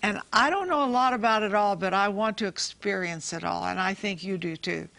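Earnest woman host with a gravelly voice. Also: mid-range voice, a little fast, fairly bright tone, no room sound. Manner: earnest, urging viewers. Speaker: talk show host. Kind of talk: Christian TV talk.

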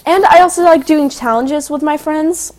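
Chatty high-voiced teenage girl. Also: moderate pace. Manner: chatty, filler-heavy, excitable storytelling. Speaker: guest, young singer and actress. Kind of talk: casual interview chat.

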